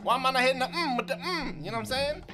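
A man's voice: extremely high pitch, rapid-fire, sharp tone, faint music behind. A young man streaming a rhythm game, frustrated and trash-talking with lots of swearing. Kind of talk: live gameplay commentary.

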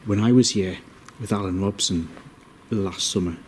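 A man giving ghost-hunting vlog commentary, moving between hushed asides and raised calls to spirits in a cold indoor room. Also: on the low side, normal speed, a little hiss or hum. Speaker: paranormal investigator.

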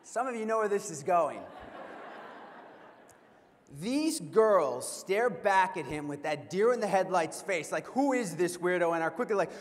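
A young man giving a keynote speech at a convention, telling a funny story in an animated way and asking the audience questions. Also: sits high, a little slow, long pauses. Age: young adult. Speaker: keynote speaker. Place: large convention hall. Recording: long hall reverb.

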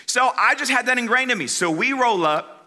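A man speaking at a youth conference, telling a humorous story in casual slang, swinging from loud to hushed and talking straight to the crowd. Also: extremely high pitch, brisk. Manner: animated, dramatic swings between loud and hushed.

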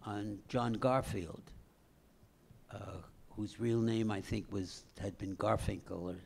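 Gravelly older man, halting recollection. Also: fairly low pitch, fairly even intonation, a little hiss or hum. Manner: slow, halting, with many "uh" pauses. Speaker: screenwriter guest. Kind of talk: reminiscing on stage.

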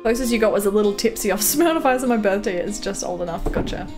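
Over clear game music, a young Canadian woman livestreams a farming game and keeps up a casual chat, reading messages from viewers and giggling frequently. Her mid-range voice is animated and she talks quickly.

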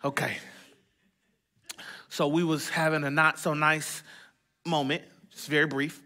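A man's voice: a little high, steady tone, a little slow, long pauses, bright, forceful tone. A man pastor preaching a sermon, praying aloud in short emphatic phrases and mixing in humor and repetition.

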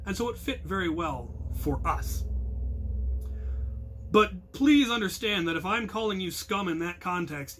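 In an earnest instructional talk, a man who captains and instructs a hobby combat crew lays out its protocols, adding bursts of loud call-outs. His voice runs on the high side and sounds slightly rough.

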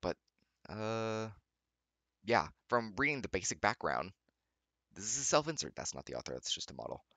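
A man's voice: on the low side, big pitch swings, moderate pace, gravelly, pauses often, bright, forceful tone, dry recording. Exasperated young man ranting sarcastically. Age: young adult. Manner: exasperated, mocking rants with profanity. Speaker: channel host reading fanfiction aloud. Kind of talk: sarcastic reading commentary. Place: at his computer.

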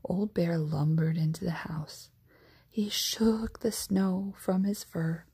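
Slow, breathy whispering woman storyteller. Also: fairly low pitch. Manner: hushed, slow and gentle. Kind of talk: whispered ASMR storytime narration.

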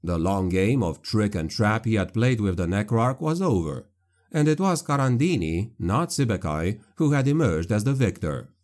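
Male narrator, low-pitched, grave and measured fantasy audiobook reading. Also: big pitch swings, darkish tone. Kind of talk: scripted dark fantasy narration.

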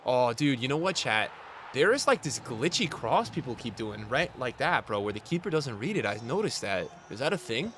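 A young man giving live commentary on a football video game as he plays, swinging from mumbled asides to loud outbursts. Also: medium pitch, very animated, normal speed, slight background noise. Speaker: gaming streamer.

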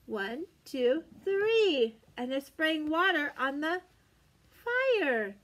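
Young woman teacher for a children's read-aloud, high voice, unhurried, gasps in wonder at each page. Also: sing-song, a bit bright. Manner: gasping, exaggerated, sing-song wonder for young children.

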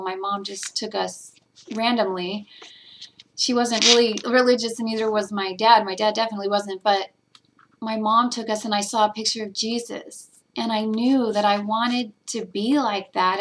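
A woman's voice: on the high side, a bit bright. A woman talking in a personal vlog, earnest and tender, emotional as she shares a spiritual reflection. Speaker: spiritual guidance vlogger. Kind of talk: heartfelt personal vlog talk.

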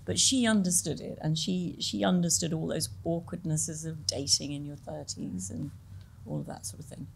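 A woman's voice: sits low, fairly even intonation, moderate pace, creaky, few pauses, a little hiss or hum. A middle-aged woman, a film director as interview guest, talking in a chatty, self-deprecating way and laughing often. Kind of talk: conversational Q&A interview.

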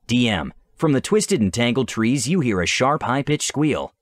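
A man narrating a tabletop adventure as game master, with measured, descriptive storytelling. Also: mid-range voice, big pitch swings, dry recording, clean studio sound.

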